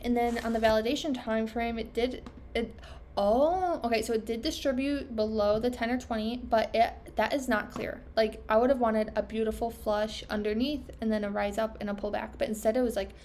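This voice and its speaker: A woman's voice: a little high, moderate pace, darkish tone, a little hiss or hum. A young woman trader thinking aloud over her charts, self-critical and trailing off, losing her voice. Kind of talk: casual self-talk screen recording.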